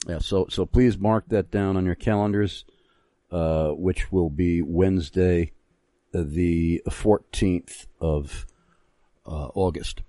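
A man hosting a Christian talk program, speaking in a measured, halting way with frequent pauses. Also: low-pitched, steady tone, warm tone, no echo. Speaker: radio show host.

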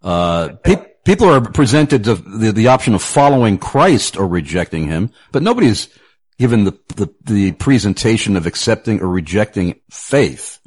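A man with a very low voice hosts a radio talk show. He talks in a casual, chatty way, often stumbling over repeated words and laughing easily as he goes. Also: expressive, normal speed, hardly any pauses, a little mellow.

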